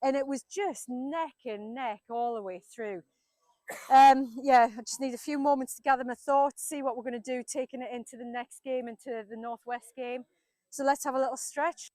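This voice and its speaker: A woman, likely a team coach, speaking in a thoughtful, measured way after a game. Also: sits high, fairly even intonation, mellow, no room sound. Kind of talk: interview remarks.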